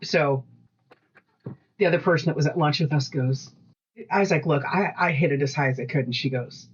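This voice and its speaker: Woman co-host, husky voice, casual rambling chat, recorded lo-fi. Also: deep voice, a little fast. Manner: rambling storyteller, lively quoted voices. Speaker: podcast co-host.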